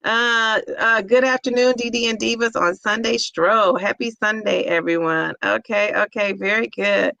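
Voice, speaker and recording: Gravelly and sharp, this mid-range voice holds a steady tone at normal speed with hardly any pauses, in a dry recording. It belongs to a middle-aged weight-loss vlogger running a casual livestream, gushing as she reads comments and welcomes viewers by name.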